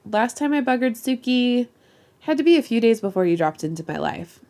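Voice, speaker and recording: A woman's voice: fairly high pitch, sing-song, a little fast, a little mellow, voice pushed up. Snake, a woman putting on a blustering male pirate captain. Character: swaggering male vampire pirate captain, bossy and whiny.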